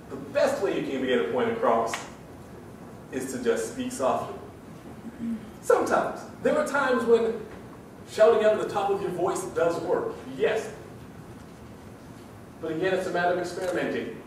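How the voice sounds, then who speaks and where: A man giving a live seminar talk to an audience, animated and drawing them into call-and-response. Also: high-pitched, a little hiss or hum. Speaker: public speaking trainer. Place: large room with audience. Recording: echoey hall from far off.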